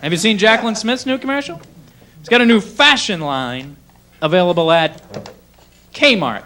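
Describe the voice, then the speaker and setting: A man's voice: sits high, lively intonation, moderate pace, sharp tone, slight background noise. A man doing a sarcastic stand-up comedy set, drifting into mock voices. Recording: 1980s cable TV club recording.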